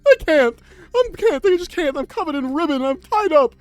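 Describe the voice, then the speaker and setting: A squeaky, whiny clown-like man. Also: expressive, normal speed, dry recording. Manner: whining, melodramatic excuses. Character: squeaky, whiny grown man character called Giggles.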